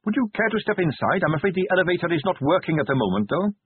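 A man's voice: sits high, big pitch swings, racing, slightly rough, pitched above the performer's own voice, full character voice. A man voicing an earnest, polite young male watch captain who speaks eagerly and helpfully. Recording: tinny phone-like band.

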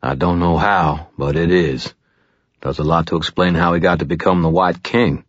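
A gruff older wizard mentor, voiced by a man speaks bluntly in a very low, husky voice. He is low-key and bitter rather than loud. The sound is dry and a little dull. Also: fairly even intonation, moderate pace, dry recording.

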